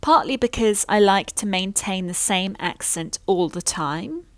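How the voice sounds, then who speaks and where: A woman's voice: medium pitch, animated, unhurried, dry recording. A woman with a British received pronunciation accent, an accent coach talking thoughtfully to camera with precise diction. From Britain. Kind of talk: reflective talk to camera.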